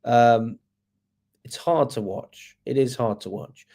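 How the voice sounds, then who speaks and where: A man's voice: medium pitch, slow pace, dark tone. A man in a mid-range voice runs a live match review on a fan channel, answering viewer comments as he goes. He is exasperated and swears freely, firing off one rhetorical question after another. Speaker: football fan channel host.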